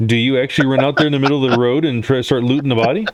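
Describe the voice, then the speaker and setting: A man's voice: medium pitch, fairly even intonation, racing, dry recording, muffled recording. A man narrating a tabletop role-playing game as game master, in a loose way with frequent fillers. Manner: loose, many fillers and restarts, laughs easily.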